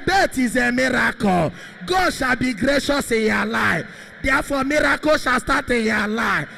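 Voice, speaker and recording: A man, a Catholic priest, leading prayer with shouted, repetitive declarations. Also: very high-pitched, vocal fry. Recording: long hall reverb.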